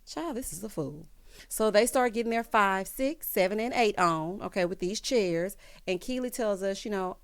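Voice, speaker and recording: A woman giving a casual recap of a reality show, with sassy asides and loud bursts of laughter. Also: mid-range voice, normal speed. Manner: reads out quotes in other voices.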